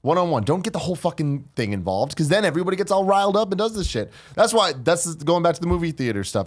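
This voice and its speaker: A man's voice: a little high, animated, fast talker, few pauses. A man in casual podcast chat, bluntly giving advice and swearing. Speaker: podcast host.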